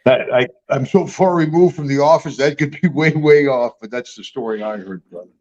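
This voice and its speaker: A man's voice: medium pitch, a little fast, a little mellow, muffled recording. Chuckling older man telling stories. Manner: rambling, chuckling, folksy storyteller. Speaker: guest and star of the show. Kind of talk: casual storytelling interview.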